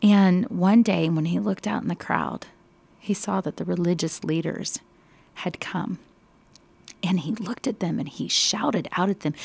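Woman storyteller for Bible stories, gravelly voice, dry close sound, emphatic. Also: lowish voice, no room sound. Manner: expressive, slow and emphatic.

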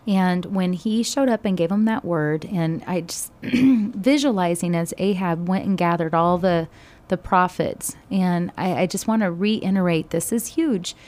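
A woman teaching a Bible study, retelling scripture in conversation with sudden animated bursts. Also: on the low side, measured pace, few pauses.

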